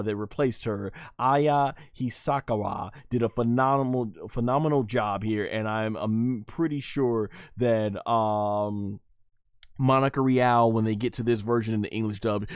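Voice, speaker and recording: A young man streaming a live anime fight breakdown, reading chat, excitable and laughing often. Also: fairly low pitch, clear, resonant tone, no echo, studio quality.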